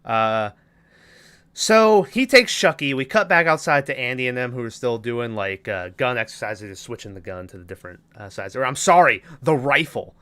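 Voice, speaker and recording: A man's voice: mid-range voice, expressive, moderate pace, bright, forceful tone, clean tone. A man hosting a podcast, recapping a film in a rambling, casual way, swearing and acting out lines. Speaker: podcast host.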